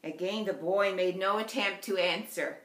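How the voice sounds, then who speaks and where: Woman lay preacher, Newfoundland accent, steady earnest sermon, echoey church sound. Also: medium pitch, normal speed. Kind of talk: sermon with storytelling. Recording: roomy church echo.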